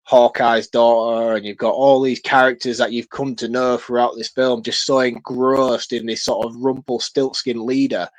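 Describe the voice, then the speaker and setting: Casting: male podcast co-host, mid-pitched, excitable, heavy swearing, rambling film chat. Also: moderate pace, few pauses. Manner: excitable, swears freely, talks in long runs. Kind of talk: casual film-review chat.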